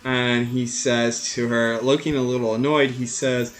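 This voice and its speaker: A man with a medium-pitched voice narrates as game master for a tabletop role-playing game. He sounds relaxed and halting, using many fillers.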